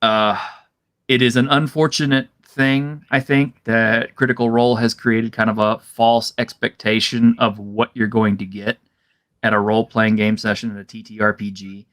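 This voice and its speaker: A man's voice: on the low side, level tone, normal speed, fairly bright tone. A man co-hosting a casual discussion over a video call, rambling and filling his talk with "you know". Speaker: co-host.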